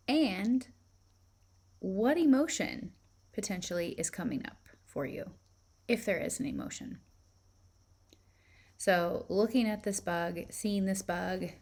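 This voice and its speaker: A spirituality teacher speaking on the low side leads a guided visualization. Her questions are calm and reflective.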